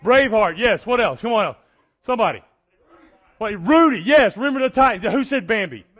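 Man, fired-up sermon, jokes with the crowd, high voice, muffled church recording. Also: a little fast. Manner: folksy, animated, joking with the crowd. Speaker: preacher. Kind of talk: energetic sermon.

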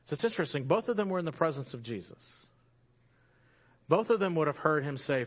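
A man preaching a sermon in an animated storytelling way, rising louder for emphasis and dropping soft and slow at key moments. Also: high voice.

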